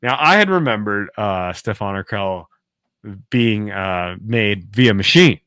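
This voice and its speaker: Lively, animated man retelling sitcom plots. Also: on the low side, takes it slowly, clear, resonant tone, no room sound. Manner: swears freely, laid-back storytelling. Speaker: podcast host. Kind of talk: casual podcast episode recap.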